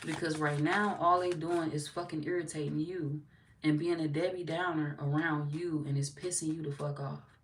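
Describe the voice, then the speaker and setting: A woman giving a tarot reading, talking bluntly and profanely in an animated, scolding way. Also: lowish voice. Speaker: tarot reader. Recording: slightly distant mic with faint noise.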